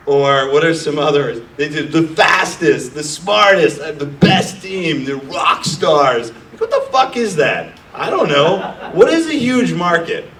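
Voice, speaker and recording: A man's voice: on the high side, big pitch swings, a little slow, a bit bright, slight background noise. A middle-aged man coaching startup founders in a blunt, profane, mocking live talk to an audience. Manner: brash, profane, mocking, acts out nervous founders. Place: room with an audience. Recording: echoey room from far off.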